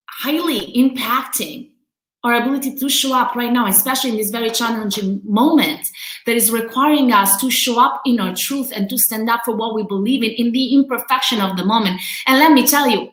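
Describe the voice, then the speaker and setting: Hosting a live motivational coaching stream from home during quarantine, a woman with a non-native accent talks candidly and emotionally, laughing often. Her voice is on the high side and a bit bright, with a roomy, low-quality sound.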